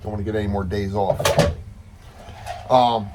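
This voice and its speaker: A man's voice: on the low side, flat delivery, moderate pace, heavy background noise. A man giving a casual video update to coworkers as their union steward, frustrated and rambling, repeating himself.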